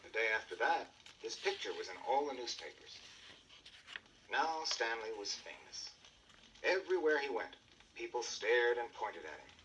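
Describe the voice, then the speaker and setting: A man narrating a children's storybook record with expressive storytelling. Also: mid-range voice, normal speed, distant mic, a little hiss or hum, low-quality recording.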